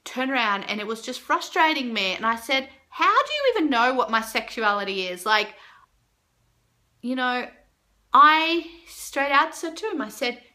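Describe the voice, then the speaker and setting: Talking straight to the camera, a young vlogger shares a story in a loose, lively style packed with fillers, her own reactions leaping up high.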